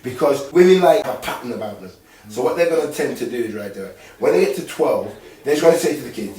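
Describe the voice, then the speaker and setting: A man's voice: medium pitch, lively intonation, fast talker, warm tone. A man talking casually, rambling in street slang with lots of tag questions as he gives advice as a dad. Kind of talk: casual monologue. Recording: echoey room from far off.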